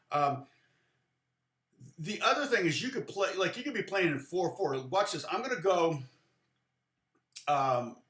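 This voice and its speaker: A man's voice: a little high, a bit bright, echoey room. Chatty man teaching guitar, counting aloud. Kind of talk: live-streamed guitar lesson. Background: guitar playing.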